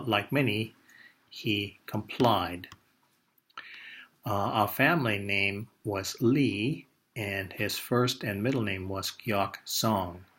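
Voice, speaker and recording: Slow, low-voiced older man telling a story. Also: fairly bright tone. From Indonesia. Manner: measured, with frequent "uh" pauses. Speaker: speaker telling a personal story. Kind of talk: personal storytelling talk.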